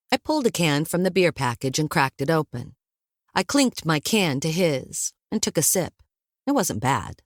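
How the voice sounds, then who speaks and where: A woman reads a first-person story aloud in a low, animated voice. Her telling is wry and lively. The studio sound is dry and close. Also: moderate pace, no echo. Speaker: audiobook narrator. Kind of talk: first-person audiobook narration.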